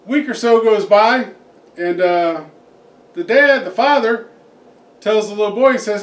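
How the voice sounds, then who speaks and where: A man's voice: sits high, moderate pace. Rambling, folksy man telling a joke. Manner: rambling, folksy, many fillers. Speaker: joke teller, host. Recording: echoey room, distant mic.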